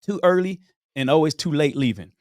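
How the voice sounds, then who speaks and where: A young man with a fairly high voice tells his story with flair. He acts out each scene and laughs easily as he goes. The sound is dry and close. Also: expressive, brisk, no room sound. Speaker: podcast guest, entertainer. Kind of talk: casual storytelling chat.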